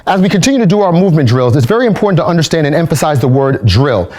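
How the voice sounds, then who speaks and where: A racing, fairly high-pitched male voice guides kung fu drills, barking counts between calm explanations while he shows each move.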